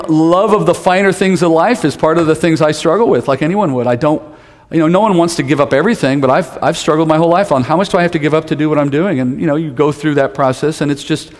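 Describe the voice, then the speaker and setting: A man's voice: a little high, fast. A man preaching a sermon as pastor, in a conversational style with humor and asides. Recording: long hall reverb.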